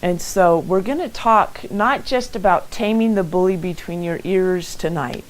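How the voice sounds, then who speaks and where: A middle-aged woman giving a motivational talk from her own home and telling stories with lively acted quotes. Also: on the low side, unhurried, poor audio. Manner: animated storytelling with acted quotes. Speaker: motivational speaker hosting a live event. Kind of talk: live-streamed motivational talk.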